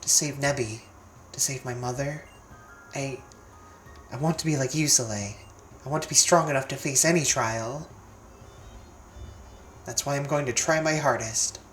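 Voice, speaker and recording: A streamer voicing an earnest, gentle teenage girl from a role-playing game, reading her lines sincerely. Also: medium pitch, normal speed, pauses often, close to an everyday voice. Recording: roomy sound with faint game music.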